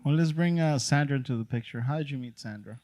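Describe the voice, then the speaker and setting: An interviewer in a casual chat who asks short, relaxed questions. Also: mid-range voice, quick pace.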